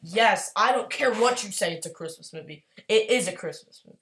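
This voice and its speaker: A woman chatting casually as a YouTuber, gushing and excitable, rambling along with quick apologies. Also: mid-range voice, slight background noise. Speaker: YouTuber ranking movies. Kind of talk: casual tier-list chat.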